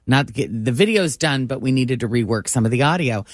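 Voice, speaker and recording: A man, a small business owner, chatting as a guest in a radio studio, animated and laughing often. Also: medium pitch, fairly quick, no echo. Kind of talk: casual studio chat.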